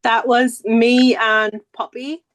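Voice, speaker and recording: A woman's voice: on the high side, little pitch movement, slow. Eager woman explaining her team's answer. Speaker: games night participant. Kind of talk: casual explanation.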